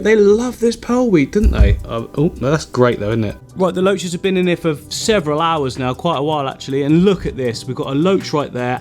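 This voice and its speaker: Excitable man chatting about fish. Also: mid-range voice. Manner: chatty and excitable, laughs often. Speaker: aquarium vlogger. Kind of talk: casual vlog narration.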